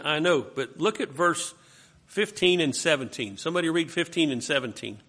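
A man's voice: a little high, expressive, brisk, hardly any pauses, sharp tone. A man leading a Bible study class, questioning his students and coaching them through the text.

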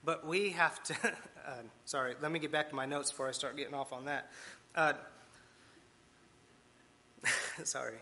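Bright-voiced man giving a casual sermon. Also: fairly high pitch, steady tone, moderate pace, gravelly, pauses often. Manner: conversational, self-deprecating, with asides and restarts. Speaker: lay preacher.

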